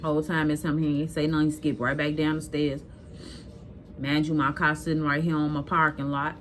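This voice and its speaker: A mother telling viewers a personal story in a casual vlog, blunt and scolding, animated and emphatic. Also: deep voice, normal speed, a little hiss or hum.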